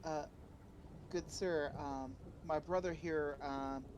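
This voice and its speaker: A man voicing a courteous, formal adventurer in a tabletop game, speaking politely with halting fillers. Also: on the high side, fairly even intonation, background noise. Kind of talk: in-character tabletop role-play.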